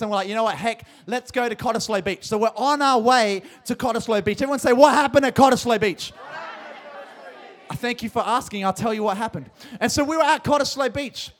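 A young Australian man, a youth pastor, hosting a youth service in a big hall, hyped and jokey, often shouting out to the crowd. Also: extremely high pitch, a little fast. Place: large hall with live audience.

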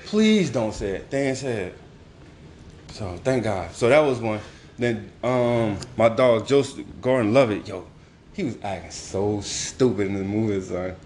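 A man from New Orleans with a local accent, chatting casually about a movie in slangy, animated talk. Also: lowish voice, measured pace, slight background noise. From New Orleans, Louisiana. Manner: animated, slangy, laughs often. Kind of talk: casual movie review chat.

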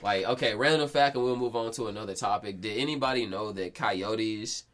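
A man in his twenties hosting a podcast, telling stories in casual, slangy talk full of swearing and quick restarts. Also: fairly low pitch, a bit bright. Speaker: podcast host. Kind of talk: casual chat.

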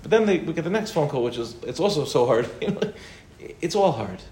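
A man's voice: fairly high pitch, animated, brisk, warm tone. A man, a rabbi, giving an informal Torah class in a conversational way, mixing in Hebrew and Yiddish terms. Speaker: rabbi answering questions. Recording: roomy echo with faint noise.

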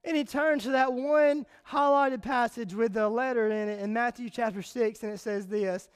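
A male pastor preaching a sermon in a very high, smooth and resonant voice. He tells his story earnestly and circles back over his words as he goes. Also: moderate pace.

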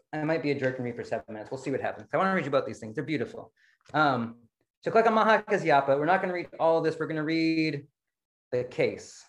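A man's voice: fairly high pitch, a bit bright. A man who leads a Zen practice group, giving a casual dharma talk to an online group, chatty and self-deprecating with frequent laughter.

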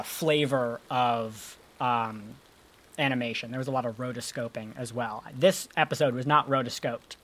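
A podcast co-host in casual chat, talking in an animated, rambling, playful way with casual swearing. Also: mid-range voice.

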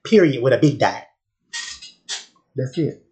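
A man's voice: medium pitch, expressive, unhurried, warm tone. A man co-hosting a podcast in casual chat, laughing often and teasing his co-host.

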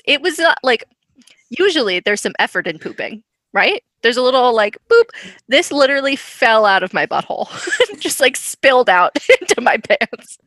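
Woman podcast co-host, bright tone, dry close sound; frank, giggly storyteller. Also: high-pitched, dry recording. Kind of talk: casual chat, comic storytelling.

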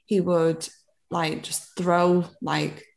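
A woman's voice: fairly low pitch, flat delivery, very slow, gravelly, darkish tone. A woman from the UK in her thirties, chatting casually as a podcast guest, laughing often and swearing lightly. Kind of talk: casual chat.

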